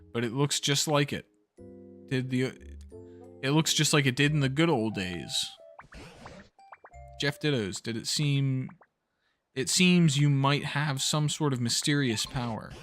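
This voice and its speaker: A man voicing an older male professor in a put-on old-man voice, reading game dialogue on a stream, wistful and slow. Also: medium pitch, fairly bright tone, faint music behind, lightly acted. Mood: pleased.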